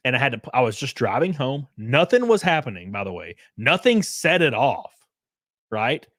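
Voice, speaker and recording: A man talking casually on a live stream, animated, swearing freely and breaking into quick laughs. His voice sits in a middle range and the mic is close and dry. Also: medium pitch, no echo. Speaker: streamer host.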